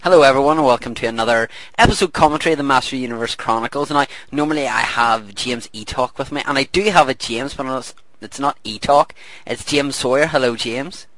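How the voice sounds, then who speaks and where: A man's voice: mid-range voice, fairly quick, a bit bright, no echo, poor audio. A man hosting a podcast commentary, chatting casually, rambling with fillers and laughter. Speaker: podcast host.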